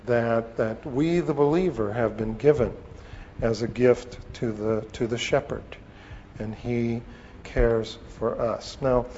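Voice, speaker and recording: A man teaching a sermon on scripture, with a slow, deliberate delivery and pauses. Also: medium pitch, a little mellow, a little hiss or hum. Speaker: preacher. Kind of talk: expository Bible teaching. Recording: long reverb, dull lo-fi sound.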